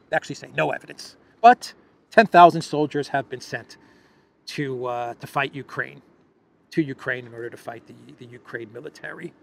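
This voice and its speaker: A male news commentator with a gravelly, fry-laden voice at a middle pitch. He talks in a sarcastic, scoffing way, restarting phrases as he goes. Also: moderate pace, a little hiss or hum. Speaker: host.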